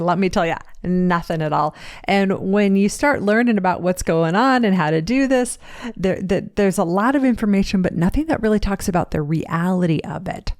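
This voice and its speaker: A woman's voice: on the low side, dry recording, clean studio sound. A woman hosting a podcast and talking frankly from her chair into a microphone, joking often and stumbling through many fillers and restarts. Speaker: podcast host and fitness coach. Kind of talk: candid personal podcast monologue. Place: seated at a home podcast desk. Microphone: studio microphone, seated.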